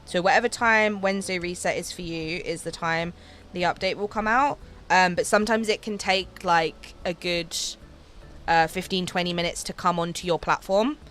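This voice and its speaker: A woman's voice: on the low side, steady tone, moderate pace, a bit bright. Woman, game streamer, casual chat, giggly, lots of fillers, faint music behind. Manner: chatty, giggly, many fillers like "um" and "like". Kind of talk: casual livestream chat while gaming.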